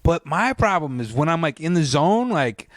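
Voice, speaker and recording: A man's voice: a little high, sing-song, moderate pace, no room sound. A young man on a podcast in casual crude banter, talking in a laid-back, blunt and joking way. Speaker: podcast co-host.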